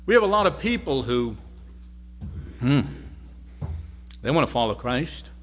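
Male preacher, mid-pitched, folksy storytelling sermon, swings between loud and hushed. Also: very animated, unhurried. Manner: conversational, varies loudness from loud to near-whisper.

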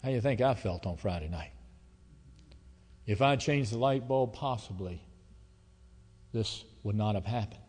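A man preaching a sermon as pastor, telling stories in a folksy, emotional way that swings between loud and hushed. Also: lowish voice, measured pace, pauses often. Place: church sanctuary. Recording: long hall reverb.

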